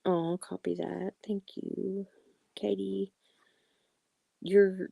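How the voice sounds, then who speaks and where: A woman reading oracle cards on a live stream, talking softly and affectionately to viewers and often apologizing. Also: medium pitch, level tone, takes it slowly, vocal fry, long pauses, husky, dry recording. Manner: soft-spoken, affectionate, calls viewers sweetie and honey; apologetic and reassuring. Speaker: livestream tarot and oracle card reader.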